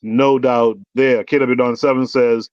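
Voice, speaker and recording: Male host, measured and steady, keeps the panel moving, lo-fi dry call audio. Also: mid-range voice, no echo. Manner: calm, measured, reads chat comments. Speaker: show host and moderator. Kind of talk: moderating a panel discussion.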